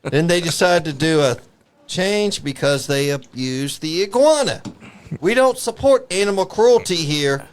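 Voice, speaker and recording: A man co-hosts a casual wrestling watch party in a fairly high, animated voice that swings up and down. He cracks jokes and corrects the others on wrestling terms. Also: measured pace, clear, resonant tone. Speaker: co-host.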